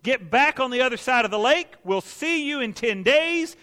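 A man's voice: very high-pitched, animated, normal speed, bright, forceful tone, pitched above the performer's own voice, full character voice. A man doing a hot-tempered disciple barking orders. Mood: irritated. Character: hot-tempered adult male disciple shouting at a crowd. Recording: echoey hall.

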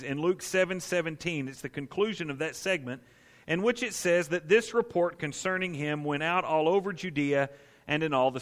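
Man, pastor, expository sermon, emphatic, slightly high voice, long reverb. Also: fairly bright tone. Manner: emphatic preaching, slowing for key questions.

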